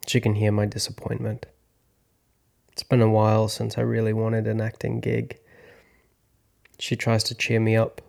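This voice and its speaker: Casting note: man in his thirties, slow reflective storyteller with a gravelly, flat low voice. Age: 30s. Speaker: podcast host, actor. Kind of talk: first-person storytelling narration.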